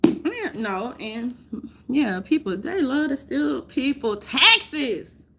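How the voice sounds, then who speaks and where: A woman ranting, profane and high-voiced. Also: slow, gravelly, very noisy. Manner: profane, rambling rant with frequent laughter; animated, swings between loud outbursts and mutters. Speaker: vlogger. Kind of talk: casual chat.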